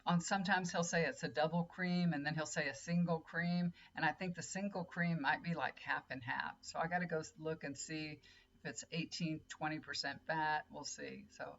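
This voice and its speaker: A woman's voice: deep voice, fairly even intonation, moderate pace, fairly bright tone. A middle-aged woman, a tarot reader and healer rambling in casual chat straight to her viewers. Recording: dull lo-fi audio with faint hum.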